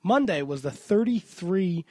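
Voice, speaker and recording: A hoarse man just over an illness, co-hosting a podcast in a halting way with many ums. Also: high-pitched, lively intonation, warm tone, no room sound, studio quality. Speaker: podcast co-host.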